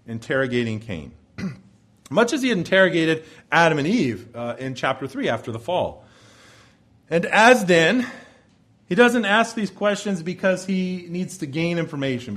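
A man preaching a verse-by-verse sermon, his voice sitting a little above the usual male range. He speaks in a measured, emphatic way and lets his phrases sink low and soft as they close. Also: very animated. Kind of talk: expository sermon.

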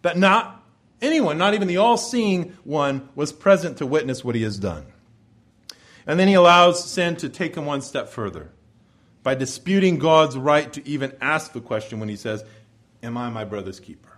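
A man preaching a verse-by-verse sermon, his voice sitting a little above the usual male range. He speaks in a measured, emphatic way and lets his phrases sink low and soft as they close. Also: lively intonation. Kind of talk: expository sermon.

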